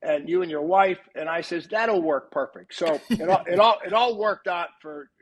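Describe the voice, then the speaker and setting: Husky and slightly hoarse, this older man's voice sits a little above typical male pitch and moves at a normal speed. A retired football coach guesting on a podcast, he tells casual anecdotes and breaks into lively, acted-out quoted dialogue.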